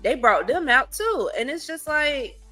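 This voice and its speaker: Expressive woman with a lively voice. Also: high voice, a little slow, soft background music. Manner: expressive, indignant questioning. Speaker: podcast co-host. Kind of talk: casual chat.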